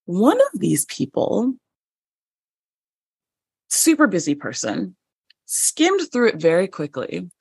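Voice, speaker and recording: A woman guest on a podcast, a published writer, telling a story in a lively way and acting out the dialogue with small laughs. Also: on the low side, slow, gravelly, pauses often, slightly rough, no echo. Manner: animated, acts out dialogue in stories, frequent restarts and light laughs.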